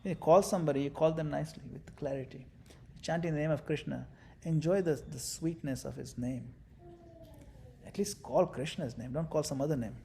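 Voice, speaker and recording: A man with a fairly high voice leads a devotional class, talking in a lively, demonstrative way. He acts things out as he teaches and slips in playful asides. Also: brisk, vocal fry. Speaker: spiritual teacher.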